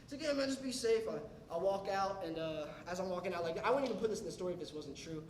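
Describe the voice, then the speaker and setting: A man's voice: high voice, rapid-fire, slight background noise. A young man doing stand-up, telling a story and acting out what people said. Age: young adult. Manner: animated, acts out quotes of others. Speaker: stand-up comedian. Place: comedy club stage. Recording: roomy club sound from a distance, audience laughter. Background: audience laughing.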